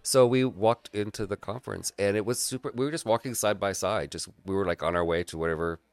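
Deep, gravelly man, reflective. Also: quick pace, no echo. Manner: reflective, searching for words. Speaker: guest artist. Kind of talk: casual podcast conversation.

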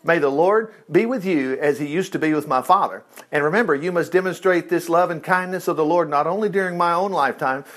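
A man's voice: fairly high pitch, fairly quick, hardly any pauses, fairly bright tone, close to an everyday voice. A man reading aloud the lines of Jonathan, a loyal, earnest young prince, in a solemn, promising tone.

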